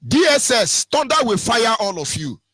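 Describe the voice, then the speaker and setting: A man with a Nigerian English accent, giving an impassioned political radio monologue, chanting lines over and over and swinging between shouting and mock whispers. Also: very high-pitched, sing-song, normal speed, husky, no room sound, soft background music. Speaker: radio presenter.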